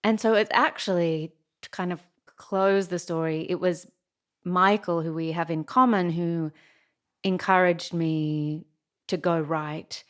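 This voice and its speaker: A woman with a fairly low voice hosting a relaxed podcast interview. She chats easily and slips in stories of her own between her questions. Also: unhurried. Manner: chatty, shares personal anecdotes. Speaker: podcast host. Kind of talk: casual interview conversation.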